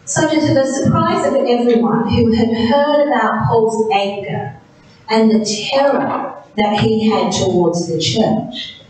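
A woman with a slightly high voice tells a Bible story slowly and deliberately, pausing after each short phrase. She sounds distant from the mic in a very echoey room. A faint hiss sits underneath her voice. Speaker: narrator. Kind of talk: scripted Bible story narration.

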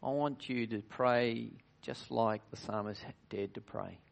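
A man serving as pastor, preaching earnestly at communion, asking rhetorical questions and sinking to quiet, intimate tones. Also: mid-range voice, steady tone, unhurried, creaky. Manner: earnest, varies loudness widely, drops to near-whisper at times; frequent restarts and rhetorical questions. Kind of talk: communion sermon.

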